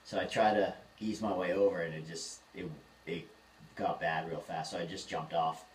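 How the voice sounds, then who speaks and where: Guy in his 30s telling a long story, kinda low voice, sounds a bit far off in an echoey room. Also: moderate pace. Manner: rambling, animated storyteller acting out quotes. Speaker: podcast co-host. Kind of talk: casual storytelling chat. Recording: echoey room, voice a bit far from the mic, faint ambient noise.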